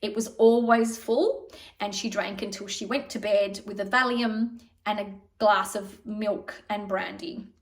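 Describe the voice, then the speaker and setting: A woman's voice: medium pitch, steady tone, measured pace, far from the mic. Chatty middle-aged woman rambling on. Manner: chatty, digressive, warm storytelling. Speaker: vlogger. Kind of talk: casual rambling chat to camera.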